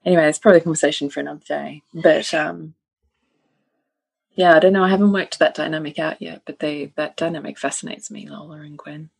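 A woman hosting a podcast, telling stories animatedly and laughing often, then slowing down to speak deliberately when reflective. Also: sits low, steady tone, gravelly, breathy edge. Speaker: podcast host and author. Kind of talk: casual podcast conversation.

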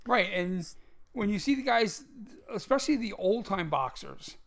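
Gravelly high-voiced man explaining emphatically. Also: big pitch swings, normal speed. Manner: emphatic, repeats words, instructive. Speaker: podcast co-host. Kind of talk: casual martial arts chat.

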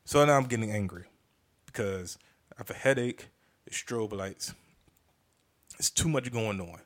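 A man hosting a comedy podcast, telling a story in a casual, animated and profane way, often restarting sentences. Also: fairly low pitch, measured pace.

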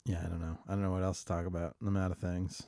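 A man's voice: sits low, flat delivery, rapid-fire, warm tone, dry recording, studio quality. A man co-hosting a podcast, rambling and joking casually while filling airtime, swearing freely. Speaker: podcast co-host.

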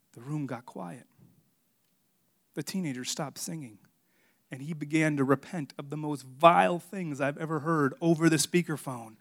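A middle-aged man preaches a sermon and works a personal story into it. He speaks in a slightly high voice. He teases and confesses in turn, like a pastor having fun with his congregation. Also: normal speed, vocal fry.

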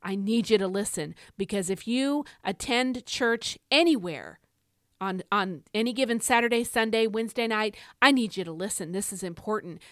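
A middle-aged woman hosting a faith podcast, delivering an emphatic, preacherly exhortation that swells into shouts. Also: medium pitch, normal speed, no room sound, studio quality. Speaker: podcast host. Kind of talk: fiery devotional exhortation.

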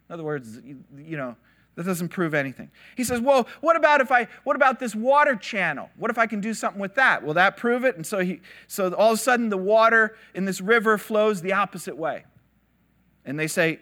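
A man giving a conversational sermon, telling stories with animated quoted voices and casual asides. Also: high voice, moderate pace. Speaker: teacher.

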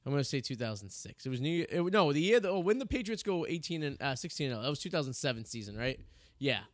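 A man in his thirties, a podcast host, winds through long stories with plenty of stops and restarts. His voice sits a little high for a man. The studio sound is close and dry, with no room echo. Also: big pitch swings, quick pace. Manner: rambling storyteller, many restarts and fillers. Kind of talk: casual chat. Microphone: studio mic.

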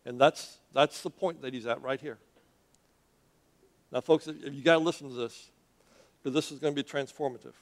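A man preaching a sermon in a church, telling the story in an animated, conversational way and asking his audience questions. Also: medium pitch, moderate pace, long pauses.

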